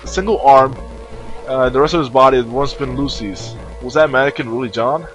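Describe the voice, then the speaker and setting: A man's voice: mid-range voice, a little fast, faint music behind, rough recording. A man reading a game aloud as host of a let's play, stumbling over words and mocking himself. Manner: stumbling, self-mocking, laughing often. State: cold. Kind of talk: casual narrated game reading.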